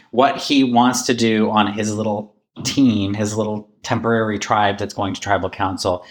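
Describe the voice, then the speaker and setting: A man co-hosting a casual recap podcast, recapping with quick reactions and easy laughs. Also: fairly low pitch. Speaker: podcast co-host. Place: recorded in person in a room.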